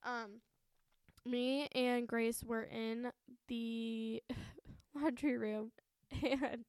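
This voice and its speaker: A woman's voice: a little high, steady tone, extremely slow, darkish tone, clear, resonant tone, dry recording, studio quality. A woman in her twenties hosting a podcast, telling a story in a chatty, profane way and laughing often. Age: 20s. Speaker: podcast host. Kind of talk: casual storytelling.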